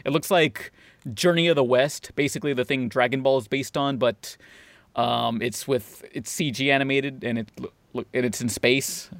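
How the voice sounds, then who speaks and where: A man's voice: mid-range voice, steady tone, moderate pace, vocal fry, no room sound. A man hosting a casual podcast, rambling and joking crudely as he reads listener questions. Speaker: podcast host reading questions.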